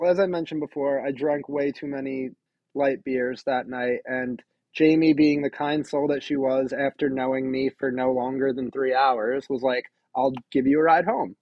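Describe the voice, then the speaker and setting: A man co-hosting a podcast, telling a story in a casual, animated, self-deprecating way. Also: mid-range voice, normal speed, no echo, muffled recording. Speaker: podcast co-host.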